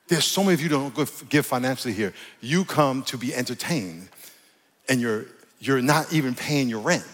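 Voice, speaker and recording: A man's voice: medium pitch, animated, moderate pace. A man preaching a sermon as pastor, emphatic and joking with the congregation in a church hall. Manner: emphatic, preachy, jokey with crowd.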